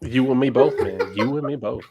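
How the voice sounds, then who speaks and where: A man's voice: mid-range voice, normal speed, a loud crowd. A man co-hosting a casual pop culture chat, heated and ranting, swearing freely. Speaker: podcast co-host.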